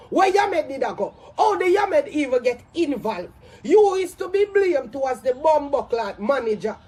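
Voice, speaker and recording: Woman, Jamaican accent, high voice, shouting, scolding rant. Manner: loud, scolding, profane, often shouting. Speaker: commentator. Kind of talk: ranting commentary.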